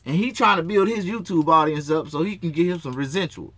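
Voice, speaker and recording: A man's voice: fairly high pitch, brisk, sharp tone, no room sound. A man hosting his own late-night talk show, ranting in a profane, rambling way from his motorhome. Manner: profane, rambling rant with frequent cursing.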